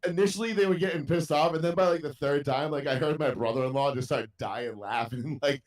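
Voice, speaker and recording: Fairly high in pitch and a little fast, the voice belongs to a young man who co-hosts a podcast. In a casual chat, he rambles through a long, profane story and laughs throughout.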